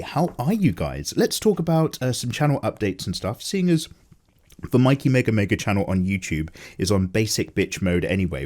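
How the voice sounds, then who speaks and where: A man with a lowish voice that leaps up and down a lot, talking in a loose, unscripted ramble. He sounds worn out and low on energy but stays chatty and jokey, with plenty of fillers along the way. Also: a little mellow. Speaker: artist and channel host. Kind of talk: casual unedited rambling chat.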